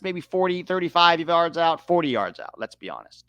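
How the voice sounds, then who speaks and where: A man hosts a live match watch-along, running through the play and breaking into excited outbursts. His voice is smooth and clear, pitched a little high. The recording is dry and close-miked. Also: moderate pace, few pauses, dry recording. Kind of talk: live match reaction commentary.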